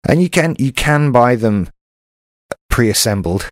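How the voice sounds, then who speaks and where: A man's voice: mid-range voice, lively intonation, slow, no echo. An English man co-hosting a podcast, chatting casually with wry, dry asides. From England. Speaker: podcast co-host. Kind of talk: casual chat.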